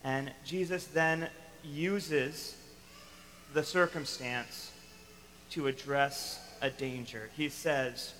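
Bright-voiced man preaching a sermon. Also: fairly high pitch, extremely slow, long reverb tail, a little hiss or hum, low-quality recording. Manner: animated, emphatic, acts out quotes. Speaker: pastor.

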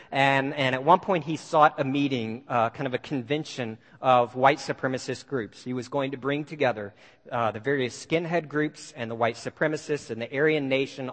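A man telling a story to an audience in an animated way, with many fillers and restarts. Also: mid-range voice. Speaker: speaker. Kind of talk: storytelling talk. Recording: long hall reverb.

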